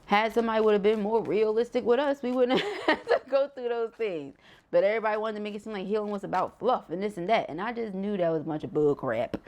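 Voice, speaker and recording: A woman's voice: medium pitch, fast, hardly any pauses, darkish tone. Emphatic woman giving a tarot reading. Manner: emphatic, preachy, slangy with rhetorical asides. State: sore, burning throat. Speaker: tarot reader. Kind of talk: casual spoken tarot reading.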